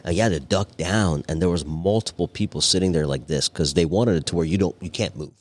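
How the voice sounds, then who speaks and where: A man's voice: low-pitched, brisk. A young adult man, a podcast guest, telling a story in casual chat, swearing freely and acting out the voices of the people in it. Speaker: podcast guest, cigar company owner.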